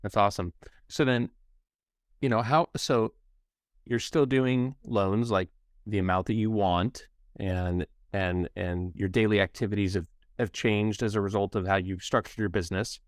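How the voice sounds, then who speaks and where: A man's voice: fairly low pitch, fairly even intonation, normal speed, no echo, studio quality. A man hosting a podcast interview over a remote call, asking friendly, loosely phrased questions. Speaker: podcast host. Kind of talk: casual interview talk.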